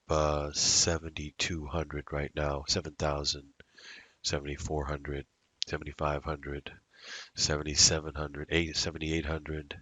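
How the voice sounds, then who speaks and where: With an extremely low pitch and a bright, forceful tone, a man captured in a dry recording day trades at his computer. He narrates his moves as casual live commentary, rambling and muttering to himself with many fillers.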